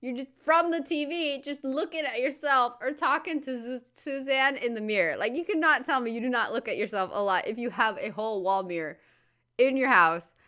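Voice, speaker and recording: A young woman from the States talks over a clip she's reacting to. Her voice is bright and sits a little high. She rambles in a casual way, full of "like" and "dude", and laughs a lot. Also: a little fast. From United States. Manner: chatty, laughs often, says "dude" and "like". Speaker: reaction video host.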